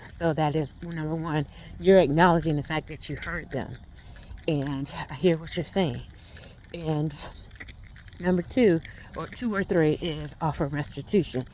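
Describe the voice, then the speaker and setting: A woman's voice: low voice, slight background noise. A middle-aged woman, a family life coach, giving a casual teaching talk. She speaks conversationally and often checks in with "right?".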